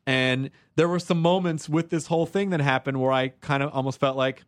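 A man with a fairly high voice hosts a podcast in loose, profane conversation, telling stories with lively energy. The sound is dry and close, with no room around it. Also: brisk, no room sound. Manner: profane, animated storytelling. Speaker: podcast host. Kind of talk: casual chat.

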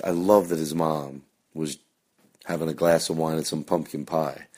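Deep-voiced man hosting, soft-spoken. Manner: hushed and soft at times. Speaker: podcast host. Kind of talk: casual chat recorded afterwards.

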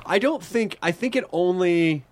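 A man's voice: high voice, expressive, moderate pace. A man from the American South hosting a casual interview, chatty and full of "like" fillers. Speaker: podcast host.

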